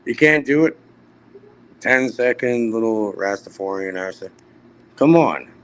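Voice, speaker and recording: A man's voice: on the low side, expressive, measured pace, smooth, rough recording. A man guest in a casual online chat, bantering in a mocking, crude way.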